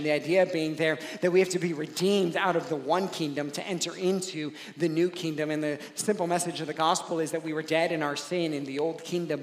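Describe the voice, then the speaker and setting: A man's voice: high-pitched, echoey room. A man in his thirties preaching a sermon, conversational and story-driven, often checking in with the audience. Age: 30s. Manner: conversational storytelling with frequent "right?" asides. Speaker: pastor.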